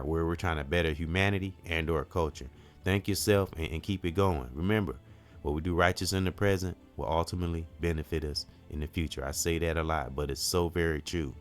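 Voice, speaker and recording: A middle-aged man with a very low, deep voice gives a casual motivational talk. He speaks earnestly and rambles, fills gaps with "you know" and now and then stumbles over a word. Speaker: volunteer and channel host.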